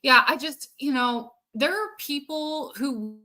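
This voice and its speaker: A woman's voice: high-pitched, slow, sharp tone. A woman hosting a casual livestream, chatting and answering viewer comments while thinking aloud with plenty of fillers. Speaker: show host.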